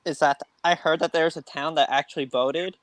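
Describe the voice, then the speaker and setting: A man's voice: on the high side, steady tone, moderate pace, no echo. A man in a casual group chat, earnest and stumbling over words.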